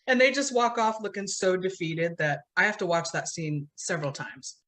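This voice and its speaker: A woman's voice: fairly low pitch, moderate pace, fairly bright tone. A woman podcast host casually recounting a film scene by scene, laughing often. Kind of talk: casual movie recap chat.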